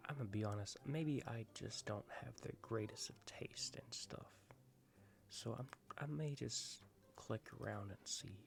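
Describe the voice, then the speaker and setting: Soft-spoken gravelly low-voiced man. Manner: rambling, drifts between soft voice and whispers. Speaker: gaming ASMR host. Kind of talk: soft-spoken ASMR gameplay commentary.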